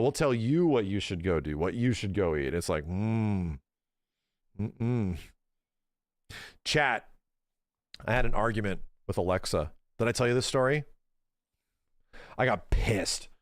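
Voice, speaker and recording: Man, streamer, casual chat, exasperated swearing rant, bouncy pitch, dry close mic. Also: no echo.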